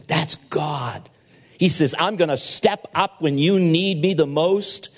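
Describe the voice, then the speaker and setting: A man preaching a sermon at an evening chapel service, acting out the people in his stories with lively changes of voice. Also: on the high side, takes it slowly. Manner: expressive preaching, acts out dialogue. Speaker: pastor.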